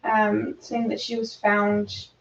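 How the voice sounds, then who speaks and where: A woman's voice: mid-range voice, completely flat delivery, takes it slowly, gravelly. A woman chatting casually on a livestream, reading headlines aloud with hesitant ums. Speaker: livestream co-host. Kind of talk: casual chat. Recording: distant, roomy, dull-sounding.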